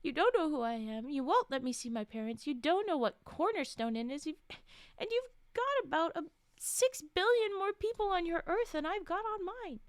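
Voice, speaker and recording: Panicked young woman, read by a woman, high voice, dry sound. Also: lively intonation, normal speed, no echo. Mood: agitated. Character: agitated young woman, a scared test subject.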